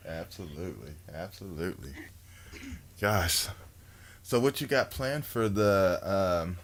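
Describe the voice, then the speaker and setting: A man hosts a casual radio show in a very low voice, easygoing and quick to laugh. Faint noise sits behind his audio. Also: sing-song. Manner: easygoing, enthusiastic, laughs often. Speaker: radio host.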